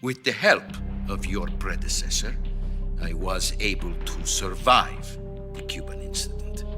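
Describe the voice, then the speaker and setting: An actor playing a stern older Soviet premier, speaking slowly and gravely on a hotline call over game cutscene music. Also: male voice, sits low. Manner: slow, grave and threatening.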